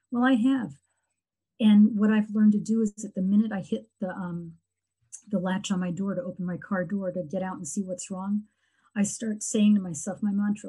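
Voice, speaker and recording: A middle-aged woman talking earnestly and reflectively in a heartfelt conversation, often pausing and restarting. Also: medium pitch, steady tone, warm tone, slightly rough, poor audio. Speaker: guest sharing her grief story.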